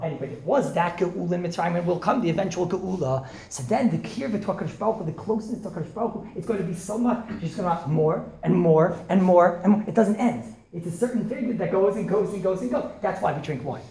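A man, a rabbi, giving an informal holiday talk, animated, firing rhetorical questions and joking with listeners. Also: high-pitched, fast talker, hardly any pauses. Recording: echoey room with faint noise.

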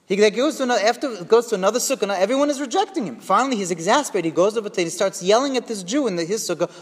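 A man telling a story in a sermon, in an animated, conversational way. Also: high voice, racing, hardly any pauses, long reverb tail.

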